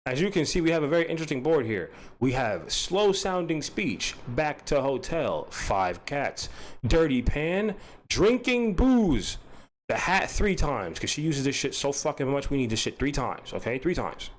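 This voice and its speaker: A man hosting an unscripted commentary vlog, swinging between loud mock-threatening rants and low muttering. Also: moderate pace. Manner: loud and animated, pitch jumping up high; drops low and mumbly, muttering to himself. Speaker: commentary channel host.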